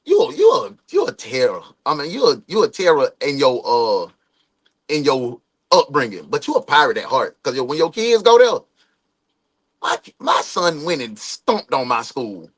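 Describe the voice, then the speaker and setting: A man in his forties chats loosely on a livestream, mixing street slang with motivational pep talk. His voice sits a bit high and swings widely up and down as he calls out to viewers. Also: sing-song, moderate pace, husky. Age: 40s. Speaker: livestream host. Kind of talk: casual livestream chat, greeting viewers.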